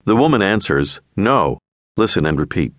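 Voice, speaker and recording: A man narrating a scripted audio language lesson, giving prompts in a clear, measured way. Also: low-pitched, big pitch swings, no echo, clean studio sound. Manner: clear, measured instructional delivery.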